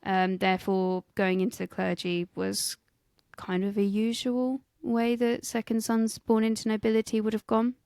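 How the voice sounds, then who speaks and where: A woman's voice: medium pitch, level tone, moderate pace, a little mellow, smooth, no echo, clean studio sound. A woman co-hosting a history podcast in a casual, jokey way, swearing freely as she tells the story. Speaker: podcast co-host and researcher.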